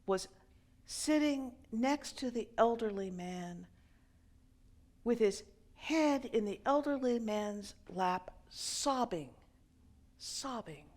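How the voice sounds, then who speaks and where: Slow, measured woman minister. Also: on the high side, expressive. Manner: measured, dropping to a hushed near-whisper. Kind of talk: storytelling sermon.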